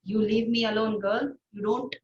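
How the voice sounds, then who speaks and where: A woman's voice: on the high side, fairly even intonation, normal speed, lightly acted. Woman reading as a defiant schoolboy. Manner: defiant, sulky. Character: stubborn schoolboy who keeps a bird. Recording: distant, roomy, muffled recording.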